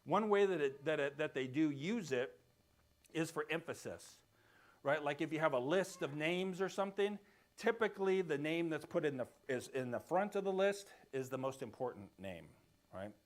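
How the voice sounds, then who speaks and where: Man, Bible class teacher, slightly high voice, casual explainer who keeps checking the class follows. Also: lively intonation, moderate pace. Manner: explains step by step, often checks in with "right?". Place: church classroom.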